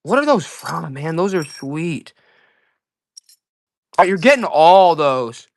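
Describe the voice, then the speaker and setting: A man with a fairly high voice hosts a live auction stream. He hypes each piece with excited seller talk and calls out to his viewers. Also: takes it slowly, vocal fry. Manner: excited hype salesman talk.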